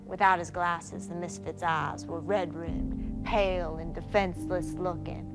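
A woman author reading her own story aloud in a slow, deliberate way. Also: on the low side, steady tone, over loud music.

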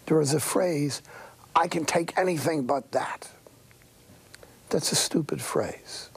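A man's voice: medium pitch, creaky, darkish tone, slightly rough, low-quality recording. An older man, a priest, giving a sermon-like talk with folksy, wry storytelling.

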